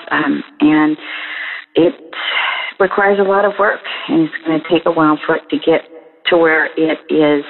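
Caller: low-voiced woman, emotional, phone line with long reverb. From Central Florida. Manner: tearful, emotional. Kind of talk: phoned-in prayer message.

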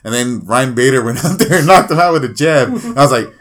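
A man's voice: mid-range voice, fast talker, a bit bright. A man co-hosting a fight podcast, riffing crude jokes and laughing at his own bits. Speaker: podcast co-host. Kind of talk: casual profane chat.

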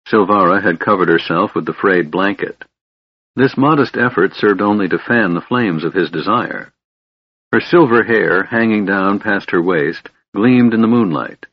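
A man narrating a fantasy novel in a measured, steady way. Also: deep voice, husky, dry recording, lo-fi sound. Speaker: audiobook narrator.

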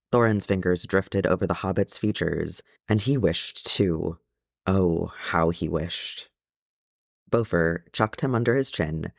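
A man narrating a fan fiction audiobook in a measured, gentle storytelling way. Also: deep voice, gravelly, dry recording, studio quality. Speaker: audiobook reader.

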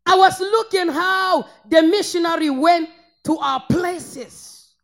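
Woman preacher, very high-pitched, slow deliberate delivery, fervent, shouting then hushed. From northern Nigeria. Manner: fervent, swings between shouted praise and low intense rebuke. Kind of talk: sermon.

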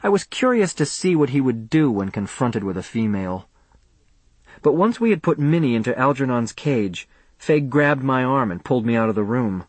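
A man reading a first-person audiobook in a measured, subdued way. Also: medium pitch, animated, no echo. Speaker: audiobook narrator.

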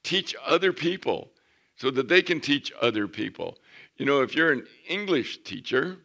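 A man preaching a sermon as pastor, reading scripture slowly and building to emphatic points. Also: medium pitch, lively intonation, creaky, sharp tone. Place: church.

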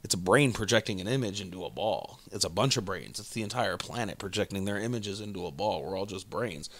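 A man's voice: low voice, expressive, a little fast, fairly bright tone, a little hiss or hum. A man co-hosting a podcast in casual chat, rambling with lots of fillers and swearing freely. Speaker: podcast co-host.

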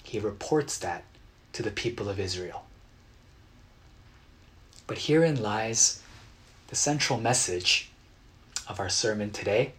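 A man preaching a sermon as a pastor, earnest and dramatic, acting out quotes with bursts of loud emotion. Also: fairly low pitch, lively intonation, slow pace, long pauses. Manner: earnest, dramatic retellings with sudden loud outbursts.

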